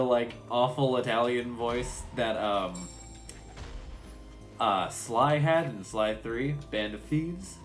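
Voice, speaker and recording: Slow-talking male game streamer. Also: mid-range voice. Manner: chatty, laughs at himself. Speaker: voice actor streamer. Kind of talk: casual game stream commentary.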